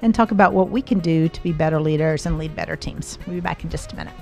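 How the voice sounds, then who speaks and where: A woman's voice: low-pitched, quick pace, creaky, a little mellow, faint music behind. A middle-aged woman hosting a podcast interview, chatty and telling stories with easy laughter. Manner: chatty, storytelling, laughs easily. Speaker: podcast host. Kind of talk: casual interview chat.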